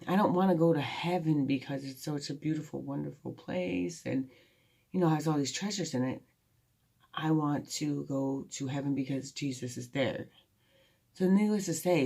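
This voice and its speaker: Talking late at night to a phone held near her face, a vlogger at home reflects on faith and her past in a rambling, heartfelt, candid way. Her voice rumbles low, creaky and warm with a slightly rough edge.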